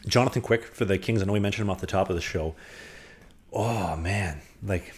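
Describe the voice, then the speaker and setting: A man co-hosting a podcast, talking sports fast and cracking jokes through an ad read. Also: low-pitched. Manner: fast, joking sports talk. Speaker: podcast co-host. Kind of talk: casual chat and sponsor read.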